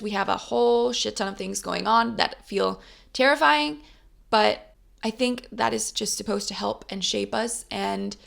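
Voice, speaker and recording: A woman's voice: on the high side, gravelly, a bit bright. A woman in her twenties, a vlogger, talking casually and upbeat to camera with motivational pep-talk energy and casual swearing. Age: 20s.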